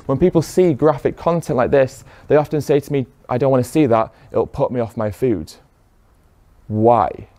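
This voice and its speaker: A man's voice: mid-range voice, vocal fry, warm tone. A man giving a persuasive public talk, speaking straight to a room of listeners and firing rhetorical questions at them. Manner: poses rhetorical questions to the audience. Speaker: speaker addressing an audience.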